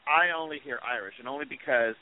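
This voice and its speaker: A man's voice: medium pitch, fast talker. A man co-hosting a casual podcast chat, rambling through stories as he goes. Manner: rambling, chatty storyteller. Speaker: podcast co-host. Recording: tinny phone-like line, dry.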